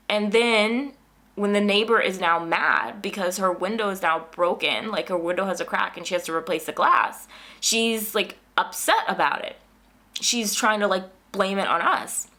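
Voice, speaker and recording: A woman vlogger in casual, animated storytelling, whose voice jumps up when she quotes herself in exasperation. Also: medium pitch. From United States.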